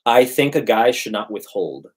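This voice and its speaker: A man's voice: lowish voice, expressive, normal speed, breathy edge. A man in casual conversation, emphatically preaching his dating advice. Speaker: dating coach. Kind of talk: casual podcast chat.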